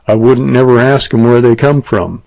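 A man's voice: mid-range voice, normal speed, creaky, darkish tone, dry recording, close to an everyday voice. A man voicing a wary, folksy frontier hotel keeper in plain western talk. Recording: dull lo-fi dry recording.

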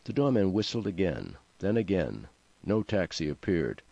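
A man reading a comic novel aloud as narrator, in a dry, even delivery. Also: sits low, moderate pace, vocal fry, dry recording, muffled recording. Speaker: audiobook narrator. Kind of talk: scripted narration.

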